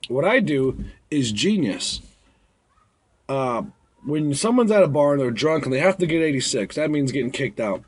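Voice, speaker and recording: A man's voice: fairly high pitch, expressive, normal speed, breathy edge. Blunt rambling bouncer guy. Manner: blunt, rambling, acts out drunk patrons. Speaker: bar bouncer. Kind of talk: casual storytelling vlog.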